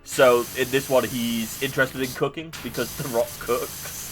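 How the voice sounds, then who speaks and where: A man's voice: medium pitch, steady tone, moderate pace, over music, poor audio. A man streaming a game, chatting casually in a rambling, self-mocking way. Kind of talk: casual chat while gaming.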